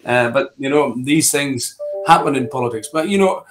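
In a conversational political discussion, a middle-aged Scottish interview guest speaks at mid pitch and normal speed. He works his way around a point, often restarting and repeating words before moving on, with music playing in the background.

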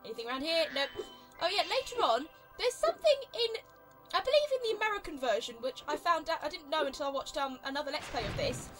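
A young woman with an exaggerated British accent giving chatty, excitable gameplay commentary as a let's play host. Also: high voice, fast talker, music in the background.

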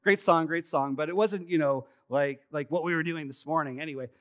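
A man's voice: fairly high pitch, fairly quick, fairly bright tone. A man in his thirties preaching a sermon to his congregation, telling stories in a chatty way with self-deprecating humor. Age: 30s. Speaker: pastor. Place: church sanctuary, live service.

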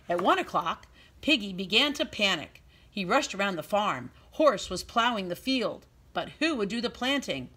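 A preschool teacher reading a picture book aloud to little children. Her voice is sing-song and very lively, swooping up and down to keep young listeners hooked. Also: mid-range voice, normal speed, breathy edge.

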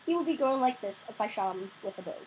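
A young woman giving casual gameplay commentary, excitable, crying out in frustration now and then. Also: a little high, quick pace, slight background noise, low-quality recording. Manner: excitable, yelps and cries out in frustration. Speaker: gamer.

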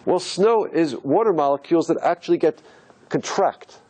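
A man's voice: on the high side, expressive, normal speed, warm tone, slightly rough. A man teaching as a rabbi, asking rhetorical questions and musing aloud as he explains letters on a board. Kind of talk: teaching lecture.

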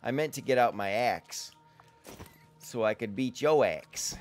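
A man's voice: medium pitch, lively intonation, unhurried, no echo. A man giving casual let's-play commentary while he plays a survival game, chatting to himself and to the game's characters and yelping when something startles him. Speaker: gamer playing a survival game.

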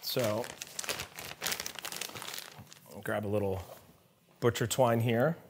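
Low-voiced chatty chef storyteller. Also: male voice, fairly even intonation, unhurried, darkish tone, a little hiss or hum. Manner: chatty storyteller, laughs often, frequent restarts. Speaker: chef doing a cooking demo. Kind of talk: casual cooking demo chat.

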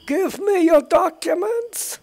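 A man's voice: takes it slowly, vocal fry, exaggerated voice. A man voicing a stern male border guard with a mock German accent, barking commands. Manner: shouted commands, loud and high.

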